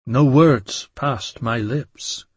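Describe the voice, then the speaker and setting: A man reads a dark first-person story in a measured, intense audiobook narration. His voice sits at a middle pitch with a husky, breathy edge. The sound is dry and close, with no room around it. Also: no room sound.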